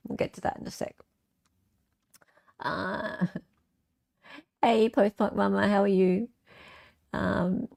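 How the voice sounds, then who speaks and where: A woman's voice: lowish voice, creaky, darkish tone. An Australian woman hosting a casual livestream, chatting with viewers, reading their comments, and ranting freely. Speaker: livestream host.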